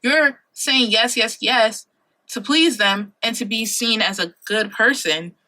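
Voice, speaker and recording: A woman in her late twenties gives heartfelt life advice into her camera, her voice bright and a touch high. She leans on repetition to drive each point home and drops casual slang along the way. The tone is earnest and conversational throughout. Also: slow pace, slight background noise. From Ohio, USA. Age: late 20s. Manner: earnest, emphatic, repeats key points, slangy asides. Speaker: vlogger giving life advice. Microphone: compact camera mic.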